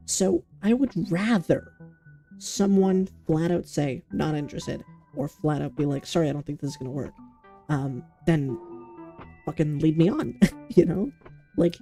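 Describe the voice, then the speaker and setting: A woman chats casually on a livestream, rambling and frank and swearing freely. Her voice is dark and mellow, with a gravelly fry running through it, and faint music plays behind her. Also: low voice. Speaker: streamer.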